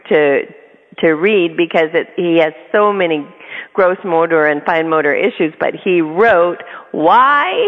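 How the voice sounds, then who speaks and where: A woman's voice: mid-range voice, creaky. A middle-aged woman, an autism advocate and parent, talking casually through personal stories in an earnest, chatty way, often laughing mid-sentence. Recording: tinny phone-like sound with long reverb.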